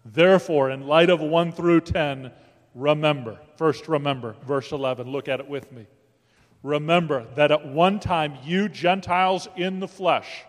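A man's voice: a little high, unhurried. A man preaching a sermon as pastor, emphatic and rising, often calling out to the congregation. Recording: long hall reverb.

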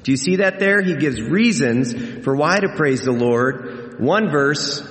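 Slow, emphatic preacher in an echoing hall. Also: male voice, a little high, lively intonation, a bit bright. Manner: earnest, emphatic preaching with repetition. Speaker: pastor. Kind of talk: sermon. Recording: echoey hall with long reverb.

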